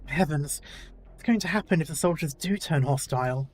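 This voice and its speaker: A man's voice: a little high, moderate pace, a little mellow, soft background music. A male gaming YouTuber reading a game's story dialogue aloud in a casual way, with self-deprecating asides.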